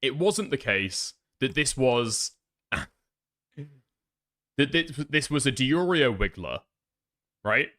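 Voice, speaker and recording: A man's voice: mid-range voice, a bit bright, no room sound, studio quality. A man streaming live, rambling and thinking aloud in casual commentary, with frequent swearing.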